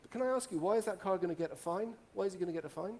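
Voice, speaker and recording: A middle-aged man with a rather high-pitched voice tells lively stories to a room full of listeners. He jokes and quizzes the audience as he goes, in an animated, playful manner. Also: racing. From Italy. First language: Italian. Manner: animated and joking, asks the audience questions. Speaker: speaker. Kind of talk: storytelling talk to a live audience.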